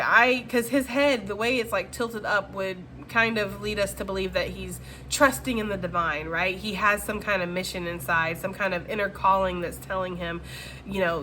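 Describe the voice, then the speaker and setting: A woman's voice: medium pitch, steady tone, normal speed, bright, forceful tone, a little hiss or hum. A woman giving a casual, chatty tarot reading and addressing her viewers directly. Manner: chatty, full of fillers. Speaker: tarot reader.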